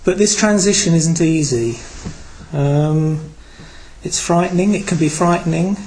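A man's voice: fairly high pitch, a little slow, darkish tone, poor audio. A man from Britain giving a Buddhist talk to a group, reflective and hesitant, with many fillers. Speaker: Buddhist teacher.

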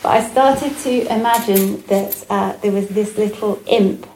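A woman giving a Buddhist dharma talk, gentle and reflective, with frequent pauses and fillers. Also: medium pitch, slight background noise. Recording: echoey room with faint ambience.

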